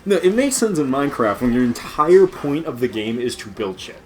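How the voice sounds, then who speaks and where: A man with a mid-range voice hosts casual gaming commentary at a moderate pace, his pitch swinging widely over soft background music. He rants with lots of swearing and frequent laughter, mocking other people's lines by mimicking their voices as a let's play host.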